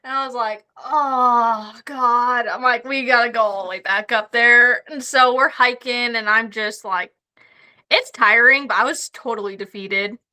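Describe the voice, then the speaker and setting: A woman tells hunting stories as a podcast guest, her voice high and bright. She swears freely and laughs her way through the tale, talking casually. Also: a little slow, clean tone. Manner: profane, laughing anecdotes. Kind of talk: casual storytelling.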